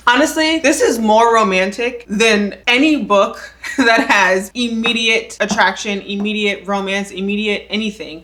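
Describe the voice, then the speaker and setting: A woman's voice: medium pitch, fairly bright tone. A woman book vlogger talking casually and chatting on, gushing about what she reads with lots of fillers. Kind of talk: casual reading vlog chat.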